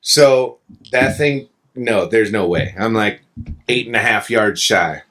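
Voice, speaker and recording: A man in casual podcast chat, telling a long hunting anecdote with profane, self-mocking humor, slowing some phrases and rushing the punchlines. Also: lowish voice, a bit bright.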